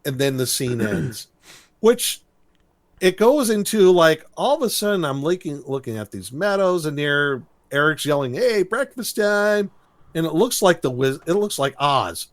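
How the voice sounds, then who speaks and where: A man co-hosting a podcast, recapping a cartoon episode in a lively, storytelling way and laughing as he goes. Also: on the high side, moderate pace, hardly any pauses. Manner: animated storytelling, briefly imitates characters with laughs. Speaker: podcast co-host.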